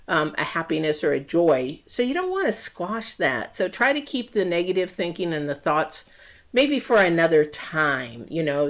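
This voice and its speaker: Low-voiced woman giving an astrology reading. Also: fairly bright tone. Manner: rambling, many ums and restarts; acts out quoted voices in story asides. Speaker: tarot and astrology reader. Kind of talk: casual livestream talk.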